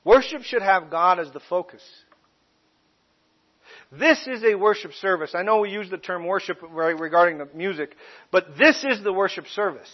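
A man preaches from the pulpit with a high, emphatic voice. He slows down to stress key phrases and raises his voice on the big points. The recording sounds a little dull and muffled. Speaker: pastor. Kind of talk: sermon.

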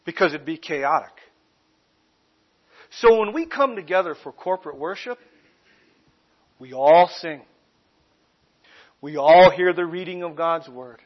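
High-voiced pastor preaching emphatically. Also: male voice, muffled recording. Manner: emphatic preaching with slow stressed phrases. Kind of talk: sermon.

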